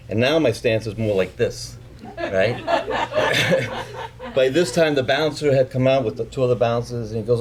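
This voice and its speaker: A middle-aged man telling a personal story live, animated and profane as he acts out the people in it, then quiet and halting when he speaks about his family. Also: mid-range voice, noisy background.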